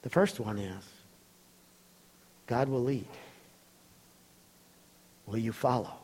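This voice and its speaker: A man preaching a sermon, telling a story with animated voices and frequent laughs. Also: medium pitch, slow.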